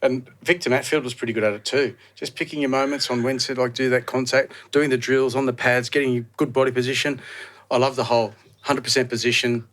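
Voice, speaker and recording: A man's voice: mid-range voice, steady tone, fairly quick, fairly bright tone, a little hiss or hum. A man in his forties from Australia, a podcast guest telling rambling anecdotes, acting out other people's lines and laughing often. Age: 40s. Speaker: podcast guest, former rugby player. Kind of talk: casual storytelling chat.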